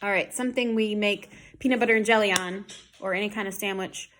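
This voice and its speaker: A woman teaching an online lesson from home, speaking slowly and modeling speech sounds with exaggerated care. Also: medium pitch, fairly even intonation, background noise.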